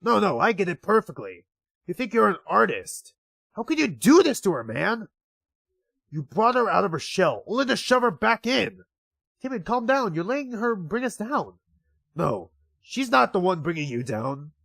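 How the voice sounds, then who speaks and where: A man's voice: high voice, sing-song, normal speed, gravelly, fairly bright tone, dry recording, voice pushed up, heavily acted. A man voicing a furious, aggressive frilled dinosaur teen boy who threatens and swears. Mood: angry.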